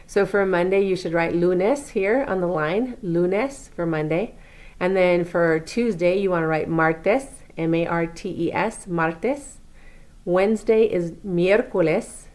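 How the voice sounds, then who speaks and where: A woman teacher walking students through a worksheet in a patient, encouraging way, spelling words out letter by letter. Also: fairly low pitch. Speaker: Spanish teacher. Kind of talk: recorded classroom lesson walkthrough.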